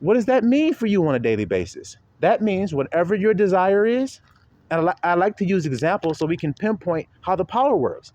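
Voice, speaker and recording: Animated, slangy male preacher. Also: fairly quick, no room sound. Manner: animated, slangy, often laughing, swings between low and high. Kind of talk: informal sermon to followers.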